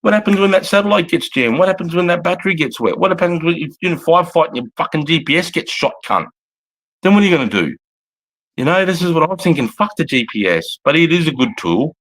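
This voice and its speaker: A man's voice: fairly high pitch, very animated, quick pace, a bit bright. Blunt, foul-mouthed Australian man. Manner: blunt, heavily profane, rambling. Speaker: army veteran livestreamer. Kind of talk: casual storytelling on a livestream.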